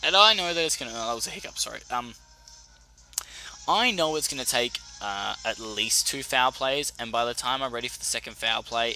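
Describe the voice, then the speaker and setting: A young Australian man commentating a game battle casually, animated and profane, often correcting himself. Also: mid-range voice. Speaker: YouTuber. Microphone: desk mic.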